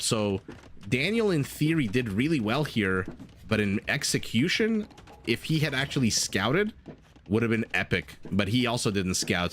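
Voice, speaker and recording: A man's voice: mid-range voice, a bit bright, slight background noise. A man casting a strategy game live, chatting with viewers and laughing often between play-by-play calls. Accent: non-standard English accent (hear 'dollar' rounded). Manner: chatty, laughs often, reads chat aloud. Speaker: game caster. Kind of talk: live game commentary with chat banter.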